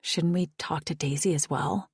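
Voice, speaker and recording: A woman voicing a guarded, secretive woman who answers quietly and evasively, with a low husky voice. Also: fairly even intonation, normal speed, no echo, clean studio sound, full character voice.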